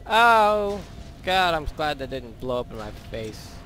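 A teenage boy chatters through his gameplay in a slow, drawn-out way, his voice bouncing high and low. He rambles, makes silly noises and jokes to himself, with a faint hiss and game sounds underneath. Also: sing-song, bright, forceful tone. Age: teens. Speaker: gaming YouTuber. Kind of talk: casual gameplay commentary.

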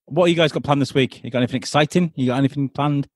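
A man's voice: medium pitch, rapid-fire, dry recording. A man co-hosting a podcast, chatting bluntly and profanely. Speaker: podcast co-host. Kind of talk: casual chat over a call.

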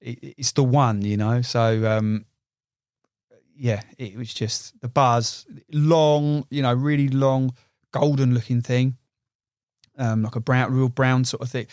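A man's voice: mid-range voice, little pitch movement, slow, darkish tone, no room sound, studio quality. A young man and carp angler, telling fishing stories in a casual podcast chat, swearing and saying "you know" a lot. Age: young adult.

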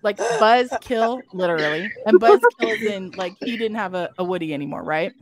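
A woman's voice: medium pitch, big pitch swings, normal speed, over a noisy crowd. A woman telling a story in casual chat, acting out quotes and swearing freely. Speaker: fashion show model telling a story. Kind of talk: casual chat, live stream.

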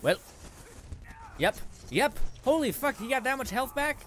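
A man's voice: extremely high pitch, big pitch swings, unhurried, a bit bright, slight background noise. A young man giving casual gameplay commentary, sarcastic and frustrated, swearing often and laughing at his own losses. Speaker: gaming channel host.

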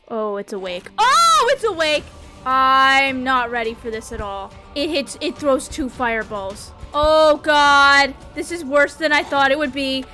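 A young woman commentating her own gameplay at a desk mic, with a high, bright and forceful voice. She gets excitable, begs the characters on screen, and curses freely. Soft music plays faintly underneath. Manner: excitable, pleading and cursing at the game. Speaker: gaming YouTuber.

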